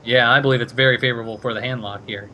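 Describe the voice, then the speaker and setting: A male esports caster breaks down each card-game play in a steady, analytical way, often thinking out loud with small fillers. His voice sits at an ordinary pitch, with a faint hum in the background. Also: very fast.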